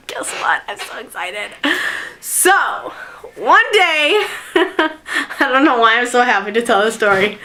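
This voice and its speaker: High, bright, giggly woman vlogger. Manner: giggly, excitable chatter. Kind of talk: storytime vlog.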